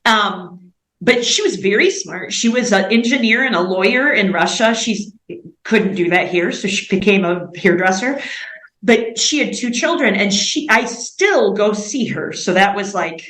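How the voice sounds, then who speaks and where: A woman's voice: medium pitch, lively intonation, unhurried, fairly bright tone, echoey room, low-quality recording. A woman in her forties from the United States, a missionary guest speaking earnestly in an interview, often filling gaps with "like" and "um". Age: 40s. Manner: earnest, many fillers like "like" and "um". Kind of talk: interview conversation.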